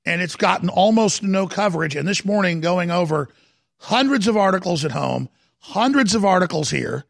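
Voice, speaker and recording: A heated male talk show host speaking from a studio, his voice set somewhat high and deeply gravelly with a rough fry. He delivers political commentary in a dramatic, emphatic way, leaning hard on key words. The sound is close and dry, with no room echo. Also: lively intonation. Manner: emphatic, dramatic, swings from slow deliberate stresses to shouting. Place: broadcast studio.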